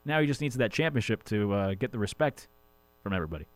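A man's voice: fairly low pitch, animated, fast talker, dry recording. A man hosting a sports radio show, talking casually with rambling jokey asides. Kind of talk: casual sports talk monologue.

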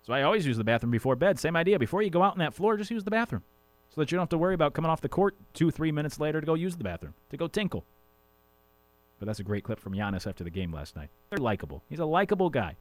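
A man's voice: on the high side, big pitch swings, rapid-fire, no echo. A man hosting a sports radio show, talking casually with rambling jokey asides. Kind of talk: casual sports talk monologue.

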